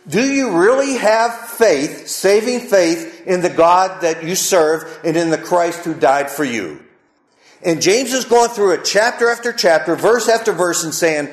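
A man's voice: a little high, echoey room. A male pastor preaching a sermon, asking the congregation rhetorical questions and repeating points for emphasis.

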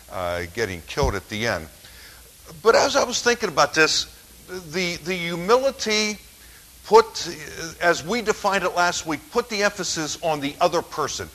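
A man's voice: medium pitch, bright, forceful tone, rough recording. A male pastor preaching a conversational sermon in a church, with many fillers and restarts.

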